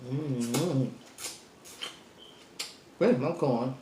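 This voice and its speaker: Mukbang host woman, slow chatty talk between bites, a bit out of breath, echoey room, faint hiss behind. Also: rumbling low. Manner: chatty, addresses viewers as y'all, eats between lines. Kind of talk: casual eating show chat.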